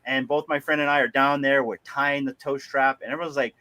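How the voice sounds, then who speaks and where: A man from Hawaii, hosting a livestream and telling a story in an animated way, laughing and acting out voices. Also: mid-range voice, brisk. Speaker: livestream host. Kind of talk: casual storytelling.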